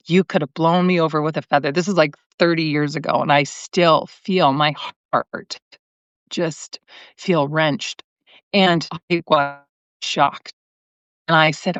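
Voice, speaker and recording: A woman's voice: sits low, steady tone, measured pace, fairly bright tone, smooth, no echo. A middle-aged woman hosting a live stream, telling a personal story earnestly and with many restarts. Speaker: host. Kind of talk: livestreamed heartfelt storytelling. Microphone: computer mic on a live video stream. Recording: dry, slightly muffled stream audio.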